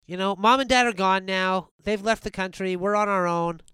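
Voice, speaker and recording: A man's voice: sits high, normal speed, pushed and bright, clear, resonant tone, no echo. A man hosting a comedy show, playing an improvised sketch with eager, emphatic agreement.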